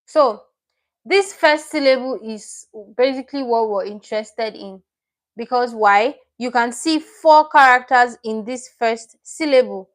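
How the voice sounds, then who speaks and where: Slightly high-pitched and unhurried, a woman leads a livestream Korean lesson. She goes through each step patiently and repeats every word she introduces.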